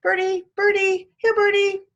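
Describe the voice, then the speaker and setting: A woman's voice: very high voice, monotone, a bit bright, muffled recording, pitched above the performer's own voice, exaggerated voice. A woman doing a squealing little toddler boy. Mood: shrieking. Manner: squealing, drawn-out calls. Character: excitable toddler boy chasing birds.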